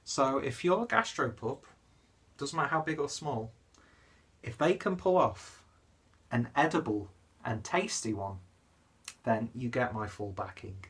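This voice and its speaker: A man's voice: mid-range voice, lively intonation, a little slow, pauses often, fairly bright tone, breathy edge. A young man from northwest England, slightly tipsy, chatting in a rambling, self-deprecating way as he reviews a beer. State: slightly tipsy after a pub trip. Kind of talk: casual beer review vlog.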